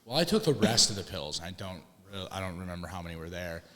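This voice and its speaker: Casting note: young guy, low voice, loose and profane storyteller, recorded in a reverberant room. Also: expressive, fast, bright, forceful tone. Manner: rambling, swearing, restarts. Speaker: podcast co-host. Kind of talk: casual storytelling chat.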